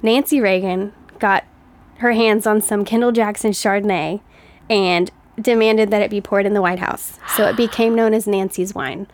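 A woman's voice: mid-range voice, fairly even intonation, moderate pace. A woman co-hosting a casual chat, telling stories in a chatty way and laughing often. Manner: giggly, chatty storyteller. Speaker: co-host.

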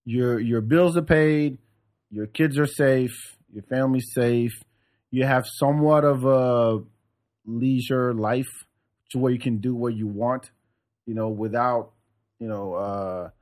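A man's voice: medium pitch, slow pace, darkish tone. A man from Africa hosting a podcast, chatting in an easygoing, teasing way and often laughing. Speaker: podcast host. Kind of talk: casual podcast banter.

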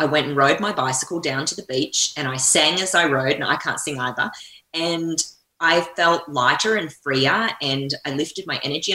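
A woman's voice: sits low, bright, forceful tone. A woman speaking as an interview guest, talking energetically in a coaching tone. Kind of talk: conversational interview. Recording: echoey room.

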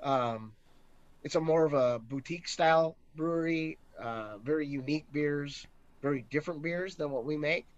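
A man appearing as a brewery co-founder guest in a casual interview, speaking hesitantly with many pauses and restarts. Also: fairly high pitch. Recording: dull, dry lo-fi sound.

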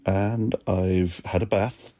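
Sleepy low-voiced man chatting from bed. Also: fairly even intonation, slow pace, dark tone. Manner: sleepy, yawning, self-mocking. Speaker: podcast host. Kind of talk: relaxed reflective solo chat. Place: lying on his bed at home. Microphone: phone voice notes app.

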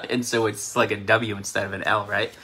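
A man's voice: lowish voice, level tone, fairly quick, sharp tone, breathy edge. A man with a New York accent giving a casual, rambling prophecy update, often laughing at himself. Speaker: self-described prophetic channel host.

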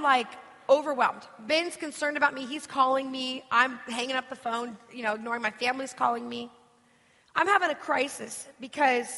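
A woman's voice: high-pitched, a bit bright. A woman in her thirties from the United States, preaching as a guest and telling a personal story with emotion, often asking the audience questions. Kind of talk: storytelling sermon. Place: church hall. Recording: reverberant church hall.

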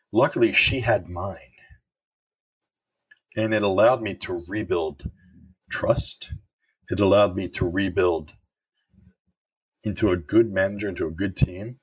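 Speaking at a measured pace with frequent pauses, a middle-aged man who used to be a manager talks frankly about leadership. His low voice has a breathy edge, and he mixes stories with the occasional curse word.

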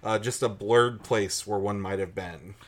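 A man's voice: lowish voice, a little slow. A man co-hosting a casual podcast chat, wry and jokey. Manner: wry, jokey, animated asides. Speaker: podcast co-host.

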